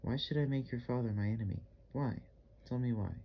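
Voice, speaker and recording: A man's voice: medium pitch, a little fast, dull audio, slight background noise, lightly acted. A man voicing a blunt, strong-voiced Russian-accented artist. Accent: vague Russian. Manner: blunt, insistent, repeats commands. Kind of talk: audiobook character reading.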